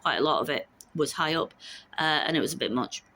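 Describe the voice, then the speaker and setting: Low-voiced woman in her fifties. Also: animated, quick pace, fairly bright tone. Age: 50s. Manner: chatty and frank, swears freely. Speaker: vlogger. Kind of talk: casual chat.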